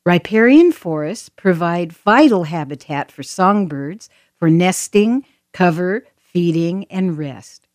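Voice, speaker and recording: A woman's voice: on the low side, animated, slow, hardly any pauses, a little mellow, no room sound, clean studio sound. A woman reading scripted audio tour narration in an inviting way, pointing out sights to listeners.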